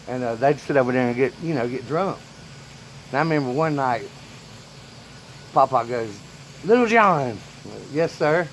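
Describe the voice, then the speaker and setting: A man's voice: mid-range voice, fairly bright tone, slight background noise, poor audio. A man in a casual storytime vlog, rambling through family memories and chuckling often. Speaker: vlogger telling family stories.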